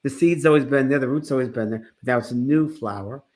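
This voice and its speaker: A man's voice: medium pitch, fast talker, a little mellow. A man co-hosting a spiritual talk show, speaking earnestly and rambling with restarts, sounding a little sick. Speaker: co-host, medium.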